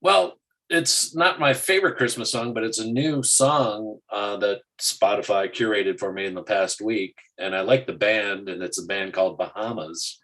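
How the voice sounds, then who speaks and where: A man's voice: lowish voice, moderate pace, a bit bright, low-quality recording. A man co-hosting a casual market show, rambling with many restarts and fillers. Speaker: co-host.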